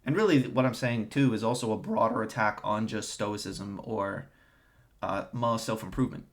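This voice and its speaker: A man's voice: fairly low pitch, moderate pace. A young man talking to camera in an opinionated monologue, with a ranting, sarcastic and contemptuous tone. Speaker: online commentator.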